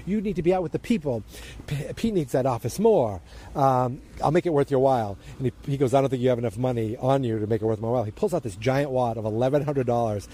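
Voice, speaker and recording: Guy rambling thru a tv recap outside, mellow voice, does little voices for the quotes. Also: fast talker. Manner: rambling, acts out quoted lines with jumps in pitch. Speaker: TV episode recapper. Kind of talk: casual episode recap. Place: outdoors near turning-on sprinklers.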